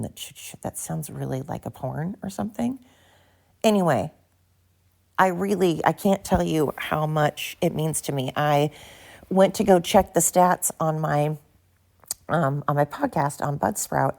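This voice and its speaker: A woman's voice: deep voice, gravelly, darkish tone. A tired woman hosting a casual solo podcast, rambling and swearing cheerfully at herself, recorded into her phone. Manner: rambling, profane, self-mocking. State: tired, barely awake. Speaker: podcast host. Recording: phone recording with background noise.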